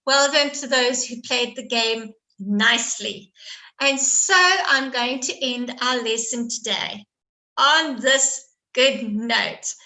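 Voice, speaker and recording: A woman teacher leads her class through a quiz and keeps praising them. Her voice sits high and sounds bright, and she takes her time, spacing out each question. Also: takes it slowly, poor audio. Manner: encouraging, praising students. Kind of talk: online quiz lesson.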